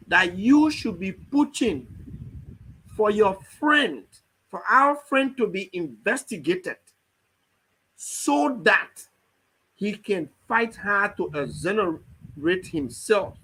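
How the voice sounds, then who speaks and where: A man's voice: high-pitched, lively intonation, slow pace, fairly bright tone, breathy edge, poor audio. A man, an opposition party official debating on a political talk show, pressing his points with argumentative questions.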